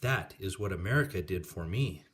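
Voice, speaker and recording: A man reading aloud as a loving great-aunt in her eighties, speaking warmly and proudly to a child. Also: low-pitched, animated, moderate pace, a little hiss or hum. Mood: tender. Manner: warm, proud, storytelling.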